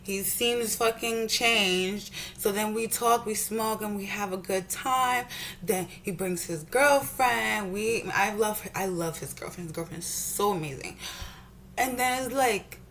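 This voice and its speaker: A woman's voice: mid-range voice, a little slow, a bit bright, a little hiss or hum. A young woman vlogger ranting heatedly and profanely while doing her makeup at home, often repeating herself. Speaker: beauty vlogger.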